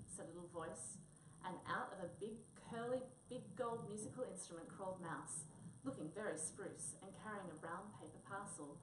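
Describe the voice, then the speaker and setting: A woman's voice: mid-range voice, moderate pace, few pauses, background noise. A woman reading a children's story aloud, recorded in a roomy space from a distance. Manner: expressive storytelling. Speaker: reader. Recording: roomy, distant mic, faint ambience.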